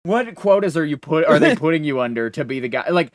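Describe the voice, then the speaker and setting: A man co-hosting a casual podcast, telling a story in lively fashion and acting out other people's lines. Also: fairly high pitch, fast, dry recording, studio quality. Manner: animated storyteller acting out dialogue. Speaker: podcast co-host. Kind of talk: casual chat.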